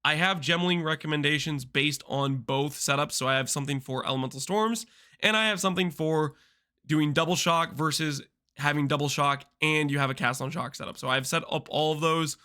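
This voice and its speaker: Bright chatty man explaining a game build. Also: fairly high pitch, brisk. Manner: chatty, explanatory, loose with restarts. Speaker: gaming content creator. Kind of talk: casual game build guide commentary.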